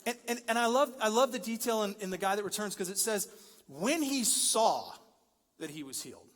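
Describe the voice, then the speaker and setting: With a high, fairly bright voice, lively intonation, and a quick pace, a pastor delivers a sermon in a spacious church hall. The long reverb carries his conversational, joking style as it climbs to emphatic moments.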